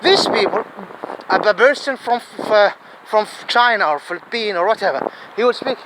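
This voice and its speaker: A man with a fairly high voice talks earnestly outdoors. He rambles, doubles back and repeats his phrases. Wind buffets the microphone loudly. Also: moderate pace. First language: Arabic. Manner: earnest, digressive, repeats himself. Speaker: vlogger. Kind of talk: casual outdoor monologue. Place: outdoors in a city. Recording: wind noise on the mic.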